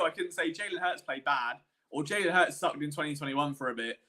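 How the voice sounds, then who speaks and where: Bright, high-voiced man rambling about sports. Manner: rambling, animated, self-deprecating. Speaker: sports podcast host. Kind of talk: live-streamed sports analysis chat.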